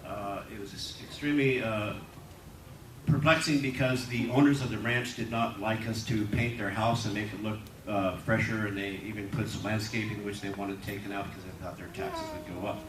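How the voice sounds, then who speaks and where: An older man with a low voice tells rambling set anecdotes on a fan panel, chuckling at his own jokes. He sounds distant from the mic, in an echoey hall. Crowd ambience hums behind him. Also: fairly even intonation, moderate pace, background noise. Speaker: actor on a reunion panel. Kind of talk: animated anecdotal storytelling.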